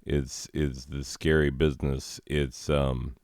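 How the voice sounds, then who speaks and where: A man hosts a casual vlog out in a forest, his voice extremely deep and smooth. He talks slowly, drifting into sarcastic, jokey asides. The sound is dry and close. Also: level tone, darkish tone, dry recording. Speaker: host. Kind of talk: casual rambling vlog commentary. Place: outdoors in a forest.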